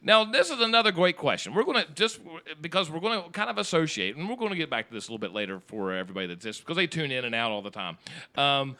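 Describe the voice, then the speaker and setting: Male podcast host, high and bright voice, lively pitch, rambling jokes, casual chat. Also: quick pace. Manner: joking, rambling, animated.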